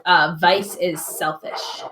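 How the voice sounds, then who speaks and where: A woman with a low voice introduces her character in a halting way. She pauses often with "uh" between short statements. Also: fairly even intonation, a bit bright, slight background noise. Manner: halting, many "uh"s. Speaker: player.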